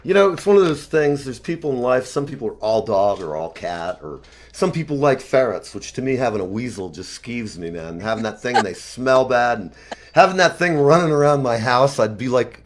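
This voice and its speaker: A man in his fifties telling rambling personal stories in casual chat, animated and profane, often laughing. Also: medium pitch, moderate pace. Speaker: talk show guest.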